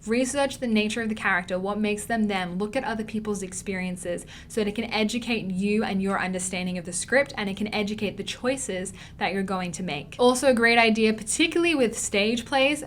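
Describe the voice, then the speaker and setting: A woman's voice: mid-range voice, a little hiss or hum. A woman with an Australian accent giving an online acting lesson, emphatic and repeating key words for stress. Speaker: acting teacher.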